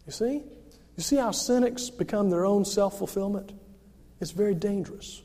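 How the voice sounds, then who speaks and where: High-voiced preacher in a reverberant hall. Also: male voice, normal speed, dark tone. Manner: conversational, self-deprecating, acts out quoted voices. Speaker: pastor. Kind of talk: sermon. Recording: long reverb of a large hall.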